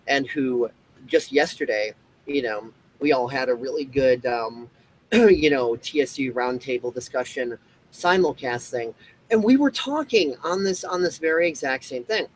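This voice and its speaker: A man's voice: mid-range voice, slight background noise, low-quality recording. A man hosting a show, ranting in a rambling monologue full of fillers and restarts. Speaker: show host.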